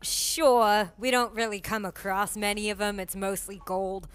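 A woman's voice: medium pitch, steady tone, unhurried, clean tone, close to an everyday voice. A woman voicing a nice male goblin miner who talks bluntly and matter-of-factly. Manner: blunt, matter-of-fact, exasperated.

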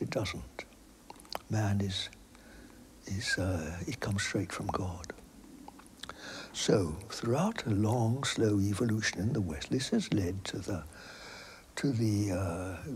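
An older man giving reflective interview answers, halting and hesitant with many restarts, often dropping to a soft, near-whispered delivery. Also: fairly low pitch, slight background noise.

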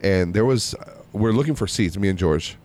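A man's voice: fairly low pitch, lively intonation, normal speed, a little mellow. A man casually telling a long story among friends, rambling with many fillers and restarts.

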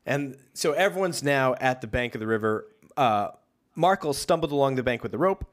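A man's voice: medium pitch, lively intonation, moderate pace. A man co-hosting a podcast, chatting casually about a book and making wry, joking asides. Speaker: podcast co-host. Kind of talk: casual book-discussion chat.

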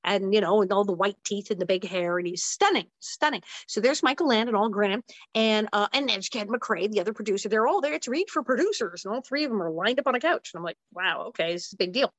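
A woman guest in an interview telling an animated story, acting out the voices of the people in it. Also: fast talker, dry recording. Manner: lively, acts out quoted voices with big pitch jumps.

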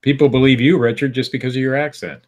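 A fast-talking podcast co-host with a darkish, mid-range voice and fairly even intonation reads bizarre news aloud with wry humor, laughing at times during the casual chat.

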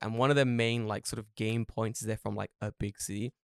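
A man co-hosting a casual podcast, telling animated stories, swearing freely and acting out other people's voices. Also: on the low side, a little fast, gravelly, clear, resonant tone, dry recording, studio quality. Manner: animated storytelling, swears a lot, mimics people. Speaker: podcast co-host.

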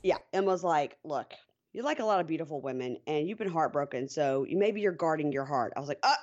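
Low-voiced giggly woman, dull sound. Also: expressive, a little fast, darkish tone. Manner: giggly, playful, retells scenes with quoted voices. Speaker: podcast guest. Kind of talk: casual TV recap chat.

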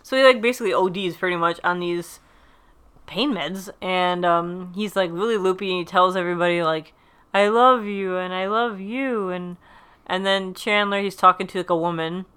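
A woman's voice: lowish voice, steady tone, a little fast, fairly bright tone, smooth. A young woman on a podcast, recapping an episode in casual chat, rambling with many "like"s and acting out the quotes. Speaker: podcast co-host.

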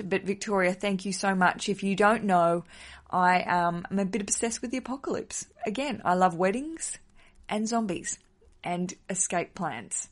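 A woman hosting a casual solo podcast, chatty and giggly, with a self-deprecating humor. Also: mid-range voice. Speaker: podcast host.

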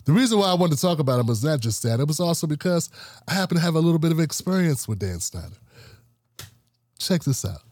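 Male podcast host, 40s, slightly high voice, casual storyteller who acts out quotes, dry close mic. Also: quick pace, no room sound. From Washington, D.C. area. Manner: animated, acts out quoted coworkers.

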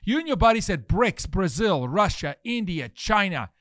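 A man's voice: high-pitched, sing-song, moderate pace, fairly bright tone, no room sound, studio quality. A man hosting a podcast, delivering impassioned commentary in a fervent, preachy way full of rhetorical questions. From South Africa. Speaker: podcast host. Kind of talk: impassioned commentary with scripture reading.

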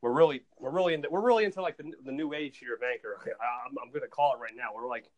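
A male podcast host in casual chat, telling stories in an excitable, animated way and often repeating words as he goes. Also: mid-range voice, fast talker, dull audio.

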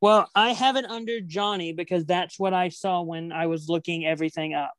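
On the low side and fairly quick, this woman's voice comes through a dry recording. She co-hosts an informal podcast, chatting away about who'll win her predicted matches with a playful competitive streak.

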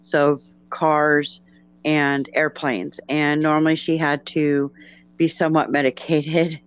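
A woman with a very low voice tells a family anecdote on a podcast, steady and measured, pausing to restart her sentences. The audio is a little dull and lo-fi. It sounds like relaxed conversation among friends. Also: smooth. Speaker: podcast co-host. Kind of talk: casual chat, storytelling.

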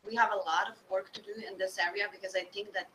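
Bright-voiced woman hosting a podcast. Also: medium pitch, fairly even intonation, fast, slight background noise, low-quality recording. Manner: emphatic, chatty interjections. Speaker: podcast host. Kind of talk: casual interview chat.

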